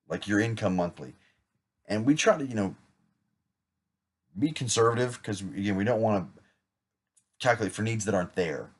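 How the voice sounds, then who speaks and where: Low-voiced man rehearsing a sales pitch. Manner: casual, chatty, self-correcting with small jokes. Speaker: insurance agent rehearsing a client pitch. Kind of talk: practice sales role-play.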